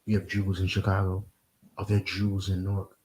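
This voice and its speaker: A man with a New Jersey accent teaching scripture in an emphatic, profane style, swinging between loud outbursts and low asides. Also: completely flat delivery, moderate pace, slight background noise, low-quality recording. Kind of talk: street preaching lesson.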